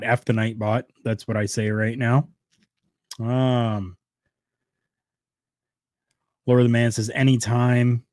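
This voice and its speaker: A man hosts a podcast in a casual, heartfelt way, his voice jumping from loud bursts to quiet, soft asides. His voice sits at an ordinary middle pitch. The sound is dry and close, with no room echo. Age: adult, former wrestler. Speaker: podcast host.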